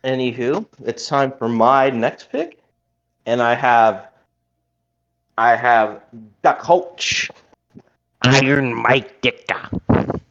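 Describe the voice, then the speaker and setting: A man's voice: medium pitch, drawn-out words, pauses often, fairly bright tone, muffled recording. A man from the Midwest of the US, co-hosting a casual podcast over a call, joking and rambling as he teases the other speaker. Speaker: podcast co-host. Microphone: remote call.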